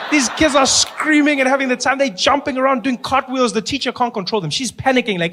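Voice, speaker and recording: Male stand-up, high voice, animated storyteller, live venue with faint room noise. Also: quick pace, few pauses. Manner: animated, acts out characters. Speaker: stand-up comedian. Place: comedy venue with a live audience.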